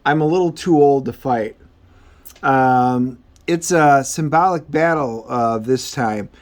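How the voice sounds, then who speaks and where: A man's voice: mid-range voice, takes it slowly, natural voice. A man voicing a weary, wry retired superhero while reading comic dialogue aloud in a casual, offhand way.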